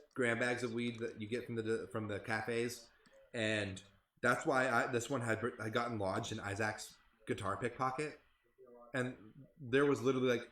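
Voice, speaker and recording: A young man in a band telling a tour story in casual podcast chat, animated and profane. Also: medium pitch. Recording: roomy echo.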